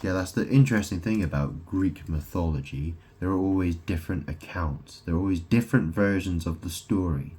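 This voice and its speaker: A man giving a rambling solo monologue, making grand declarations, then reading aloud haltingly and stumbling over names. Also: low-pitched, darkish tone, husky. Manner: meandering, self-interrupting, reads aloud haltingly. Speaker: self-styled spiritual speaker.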